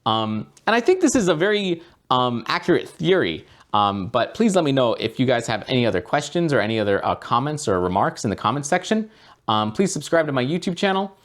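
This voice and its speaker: A man's voice: medium pitch, big pitch swings, a little fast, few pauses, fairly bright tone. A man hosting his own video channel, explaining ideas in a casual, meandering way with many fillers and restarts. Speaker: YouTube host.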